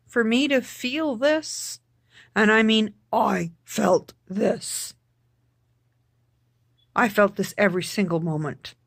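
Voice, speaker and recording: Woman vlogger, unhurried, halting delivery with restarts, dry sound. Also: medium pitch, no echo. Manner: halting, full of restarts and repeated words; emphatic, repeats for stress. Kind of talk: casual personal vlog.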